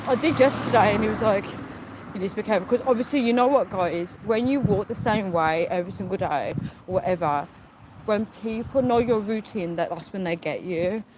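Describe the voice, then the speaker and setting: Young British woman, casual live street vlog on a phone, mid-pitched, traffic noise clearly behind. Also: fairly quick. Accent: British English. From United Kingdom. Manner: breathless retelling with many quoted asides. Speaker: livestream vlogger. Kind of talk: casual livestream storytelling. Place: outdoors on a city street at night. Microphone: phone held while walking. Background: passing traffic.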